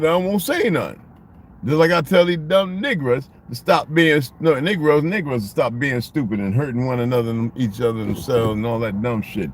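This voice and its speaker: A man vlogging from his car, talking in a blunt, profane, rambling way in a casual monologue. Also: fairly high pitch. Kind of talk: casual monologue while driving. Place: inside a car. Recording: noisy car interior.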